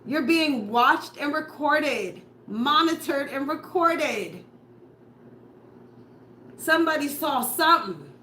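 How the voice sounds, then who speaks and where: A tarot reader with a high, bright, forceful voice takes her time, leaving long pauses as she gives a casual reading. She's blunt and profane, ranting about the cards and firing off rhetorical questions. The room is echoey, with faint noise.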